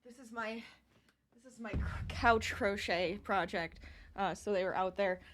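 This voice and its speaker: A woman's voice: medium pitch, a little slow, a little hiss or hum. A young adult woman chatting casually with her live-stream viewers while she crochets, laughing often as she talks.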